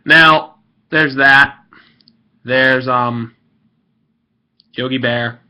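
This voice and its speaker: A man's voice: medium pitch, steady tone, very slow, pushed and bright, clear, resonant tone. A young man ranting in a rambling, salty and profane way as he gives casual commentary on an online game he was playing. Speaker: gaming video creator. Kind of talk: rambling gaming commentary rant.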